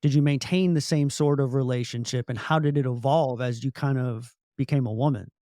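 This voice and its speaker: A man's voice: mid-range voice, fairly quick, dry recording. Nc guy hosting, mid voice, rambly questions, dry. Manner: relaxed, rambling, rephrases questions. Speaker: podcast host. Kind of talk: interview questions.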